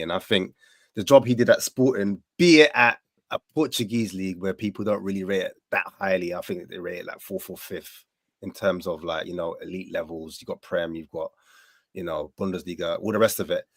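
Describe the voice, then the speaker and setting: A man talking football on a casual panel. He uses a lot of slang and acts out mock voices in lively bursts. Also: deep voice, fairly quick, dry recording. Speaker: panelist, Tottenham fan.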